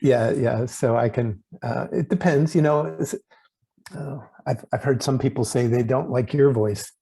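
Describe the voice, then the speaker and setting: A man hosting an interview over a video call, talking in a halting way with many restarts and fillers. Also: mid-range voice, gravelly, mellow, husky, poor audio. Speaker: host. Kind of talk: casual interview chat.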